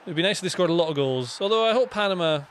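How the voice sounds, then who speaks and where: Man, slightly high pitch, deadpan, dry humour, casual watchalong banter. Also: rapid-fire, a little hiss or hum. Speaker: co-host of a live football watchalong. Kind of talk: casual banter over a match stream.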